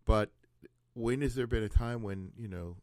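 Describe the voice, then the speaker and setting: Man, fairly low voice, casual podcast chat, thinking aloud, dry close sound. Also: moderate pace, darkish tone, no room sound. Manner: musing, thinks aloud with many asides. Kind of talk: casual conversation.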